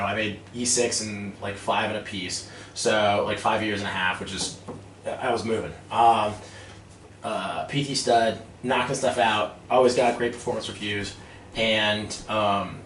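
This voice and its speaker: Guy in his 30s rambling thru a story, laughs a lot, lotsa um and like, kinda far from the mic w faint hiss. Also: lowish voice. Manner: animated, laughing, lots of fillers. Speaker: guest, real estate developer. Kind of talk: casual storytelling. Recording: echoey room, distant mic, faint noise.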